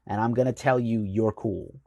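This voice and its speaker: A chatty, eager male assistant to a rock star, as a man puts him on while telling a story, deep and gravelly with a husky edge. He talks in a friendly, confiding way and hands out quick instructions. The delivery is close and dry. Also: fairly even intonation, dark tone, no echo. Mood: instructing.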